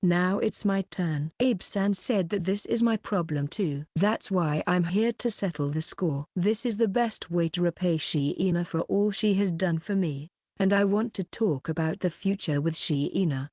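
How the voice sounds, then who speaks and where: A woman reading a light novel audiobook as a narrator in a steady, even way. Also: on the low side, a little slow, few pauses, dry recording, studio quality.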